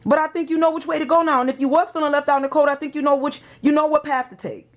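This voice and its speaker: High-pitched woman doing a tarot reading, emotional and preachy. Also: fairly even intonation, racing. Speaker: tarot reader.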